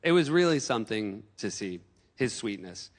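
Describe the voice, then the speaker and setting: A man in his forties from New Hampshire doing animated stand-up comedy on a theater stage. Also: lowish voice, normal speed. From New Hampshire, USA. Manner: animated, breaks into yelled impressions. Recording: stage mic in a reverberant hall.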